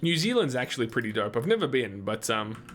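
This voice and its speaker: A man's voice: medium pitch, very animated, a little fast, a bit bright, soft background music. An Australian man hosting a live gaming stream, chatting casually and answering viewers' comments between moments of play. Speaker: livestream host.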